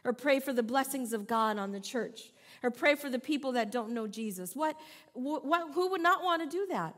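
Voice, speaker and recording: A woman's voice: high voice, lively intonation, moderate pace, fairly bright tone. A woman pastor delivering a sermon, emphatic and repetitive, with playful asides.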